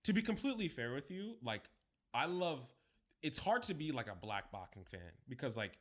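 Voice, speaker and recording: A man's voice: medium pitch, sing-song, moderate pace. A young man from Atlanta, co-hosting and telling a story in casual chat, swearing freely. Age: young adult. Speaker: podcast co-host.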